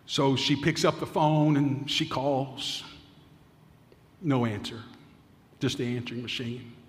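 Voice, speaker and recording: A male pastor preaching, telling a story with dramatic pauses and often dropping to a hushed voice. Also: medium pitch, fairly even intonation, long reverb tail, slight background noise. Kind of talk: sermon storytelling.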